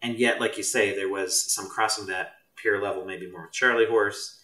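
A mental health professional appears as a guest in a casual discussion, talking thoughtfully and meandering. His lowish voice is steady and sharp in tone, at a moderate pace. The mic is distant and the sound roomy.

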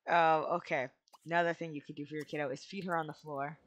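Excitable let's play host with a bright, sharp tone. Casual commentary with goofy exclamations and sudden squeals. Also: medium pitch, fast talker. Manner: excitable, bursts into squealing shouts.

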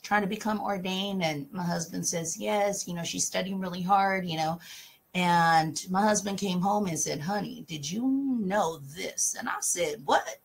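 A woman hosts a casual talk about scripture in a somewhat husky voice. She speaks emphatically and with passion, reading verses aloud between her own remarks. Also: fairly low pitch, fairly even intonation, measured pace. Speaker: talk show host.

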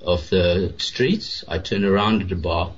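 A man's voice: low-pitched, a little slow. A man calling in to a radio show and earnestly telling his story. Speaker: caller. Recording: husky dull lo-fi line.

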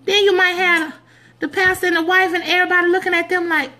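A middle-aged woman giving sassy, teasing comedic church advice to her viewers, animated and preachy with loud whoops. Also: extremely high pitch, fast talker. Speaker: comedic commentator addressing live viewers.

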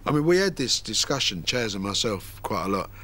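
A musician being interviewed, talking in a cheeky, blunt way and swearing freely. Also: male voice, fairly low pitch, very animated, a little fast, a bit bright. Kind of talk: reflective interview talk. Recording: music playing underneath.

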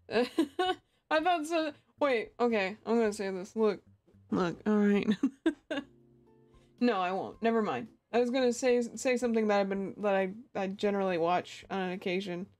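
Chatting casually with viewers during a live stream, a young woman who streams games giggles and laughs frequently. She speaks at a measured pace in a mid-range, darkish voice, leaving long pauses.

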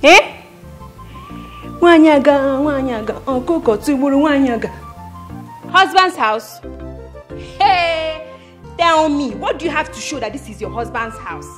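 A woman's voice: high-pitched, animated, a little slow, long pauses, faint music behind. A woman with a Nigerian accent playing a rude second wife who taunts the first wife. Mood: taunting. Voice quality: taunting, brash. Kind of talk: Nollywood film acting.

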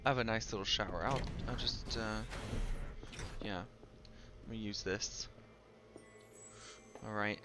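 A man commentating on the game he is playing, excitable and jumpy, often crying out when startled. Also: on the low side, takes it slowly, long pauses, noisy background. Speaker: gaming video host. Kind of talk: let's play commentary.

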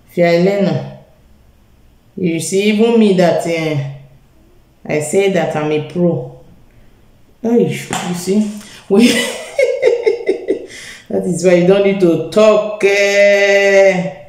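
Nigerian woman beauty vlogger, chatty live tutorial voice, medium pitch, roomy echo. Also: a little mellow. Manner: chatty, talks straight to viewers, mixes Pidgin into English.

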